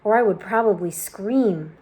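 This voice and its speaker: A nervous, gloomy earthworm who frets and hisses complaints in a hushed voice, as a woman reading a storybook puts him on. The tone stays soft and mellow. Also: high-pitched, measured pace. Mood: fearful. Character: timid fretful male earthworm, blind and gloomy.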